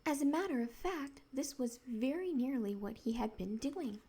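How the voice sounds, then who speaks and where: A woman narrating a children's novel in a soft, partly whispered storybook reading. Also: sits high, lively intonation, moderate pace, slightly rough.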